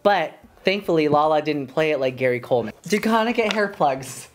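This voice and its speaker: Animated woman recapping, low voice. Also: brisk, a little hiss or hum. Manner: animated, acts out quotes in exaggerated voices, swears freely. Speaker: podcast co-host recapping a reality show. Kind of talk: casual chat.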